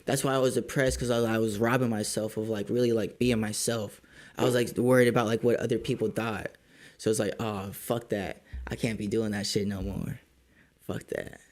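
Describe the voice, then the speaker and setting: A man's voice: lowish voice, level tone, fairly quick. A man hosting a podcast, telling a story in a casual, profane, rambling way with lots of fillers. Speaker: podcast host. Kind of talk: casual chat.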